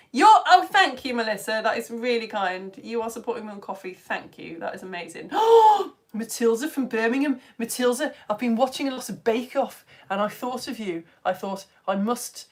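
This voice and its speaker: A woman hosts a live science lesson for families, her voice sitting a little high. She is chatty and excitable, greeting viewers by name between explanations. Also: a little fast. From United Kingdom. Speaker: home education science presenter. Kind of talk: live-streamed lesson and viewer shout-outs.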